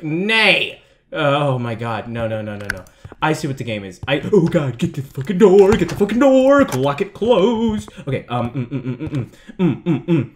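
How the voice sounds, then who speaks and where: A man's voice: fairly high pitch, fairly bright tone, a little hiss or hum. A young man commentating a horror game playthrough, jumpy and swearing, yelping and laughing at the scares. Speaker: gaming video host.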